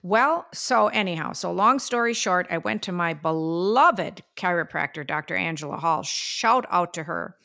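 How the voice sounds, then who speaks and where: An older woman co-hosting a podcast, chatting casually and telling stories with drawn-out fillers and sighs. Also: on the low side, lively intonation, gravelly, sharp tone. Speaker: podcast co-host. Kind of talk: casual chat.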